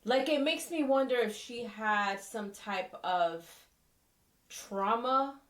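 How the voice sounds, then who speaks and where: A woman guest on a reaction video, talking in a measured, questioning way. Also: a little high, fairly bright tone. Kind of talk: casual reaction chat. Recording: echoey and distant.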